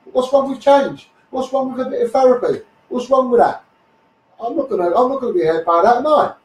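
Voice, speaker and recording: Ranting Scouse man, high voice. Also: lively intonation, brisk, roomy sound, distant mic, rough recording. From Liverpool, England. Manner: blunt, combative, repeats "you know what I mean". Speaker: Facebook Live streamer. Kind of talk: ranting live stream monologue.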